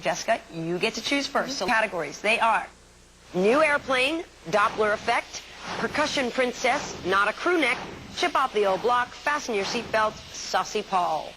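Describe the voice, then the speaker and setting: A woman with a fairly high voice hosting a television game show, bubbly and chatty, with a sing-song lift on key words. There is noticeable background noise under her voice. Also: animated, normal speed. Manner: bright, chatty, laughs easily, sing-song emphasis.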